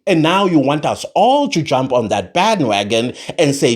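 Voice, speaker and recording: Guy ranting about politics, fired up, voice jumps up and down a lot, slightly high. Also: very animated, normal speed. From South Africa. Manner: impassioned, emphatic, repeats points for force. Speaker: commentator. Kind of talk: political commentary monologue.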